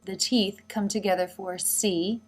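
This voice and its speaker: A woman teaching pronunciation in a slow, deliberate voice with a middle pitch. She draws out each vowel as she demonstrates it, like a careful instructional narration. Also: fairly even intonation.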